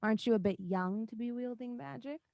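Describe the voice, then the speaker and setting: A woman voicing a tall, mysterious woman who speaks softly and persuasively in a tabletop game. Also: fairly high pitch, fairly quick, no room sound, natural voice. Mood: coaxing. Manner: soft, gentle, persuasive.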